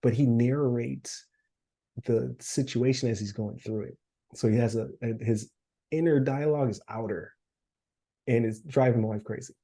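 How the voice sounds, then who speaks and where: A man's voice: mid-range voice, warm tone. A man co-hosting a podcast in casual chat, losing his voice, rambling with fillers and frequent laughs. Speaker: podcast co-host.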